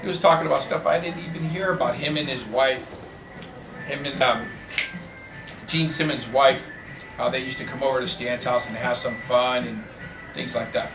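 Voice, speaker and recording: A man's voice: medium pitch, steady tone, normal speed, creaky, pauses often, music in the background. A man moderating a fan Q&A in a casual, rambling way. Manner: rambling, loose asides. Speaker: event moderator. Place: convention event room. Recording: echoey room, off-mic, noisy.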